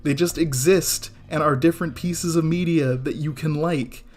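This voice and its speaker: A man's voice: fairly high pitch, fairly even intonation, normal speed, darkish tone. Heated, swearing male streamer ranting. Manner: heated, swearing, many restarts and self-corrections. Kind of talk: casual rant while drawing on stream. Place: home studio with background music.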